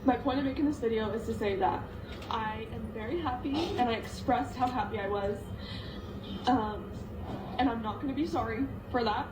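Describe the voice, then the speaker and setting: A woman's voice: on the high side, roomy sound, background noise. A woman speaking close to tears in a personal vlog, her voice unsteady with emotion.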